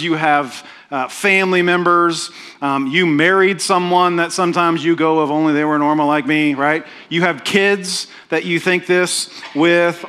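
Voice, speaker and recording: A middle-aged man delivers a relaxed, conversational sermon. His voice is slightly higher than most men's and has a bright, forward ring. He pokes fun at himself and keeps checking in with the congregation. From Oklahoma, USA. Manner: conversational, self-deprecating, frequent "right?" asides. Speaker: pastor.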